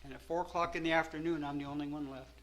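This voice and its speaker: Speaking very fast in a fairly high voice, an older man from Southern California tells a meeting about his recovery. He rambles at first, then grows animated and laughs. The audio is poor, with a little hiss or hum.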